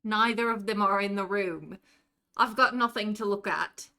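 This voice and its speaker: A woman's voice: mid-range voice, normal speed, sharp tone. A woman live streamer chatting casually with her viewers in a put-on British accent, answering chat messages aloud from home. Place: home room.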